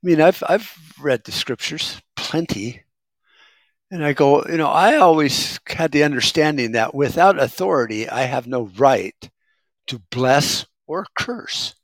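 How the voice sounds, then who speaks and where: A man's voice: fairly high pitch, expressive, a little slow, dry recording. A middle-aged man talking in a casual, rambling monologue, sarcastic and wisecracking. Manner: rambling, sarcastic, self-described smartass. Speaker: vlogger.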